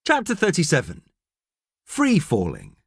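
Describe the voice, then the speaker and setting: A man narrating a novel with expressive storytelling, his voice lively and rising and falling a lot. It sits fairly high for a man and is recorded dry and close, with no room sound. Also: unhurried, creaky, breathy edge, no room sound. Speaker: audiobook narrator. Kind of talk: scripted narration.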